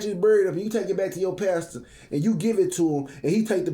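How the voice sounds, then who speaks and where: A man's voice: sits high, fast talker, few pauses, warm tone. A man reading scripture aloud and breaking off into joking, conversational commentary between verses. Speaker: Bible reading host.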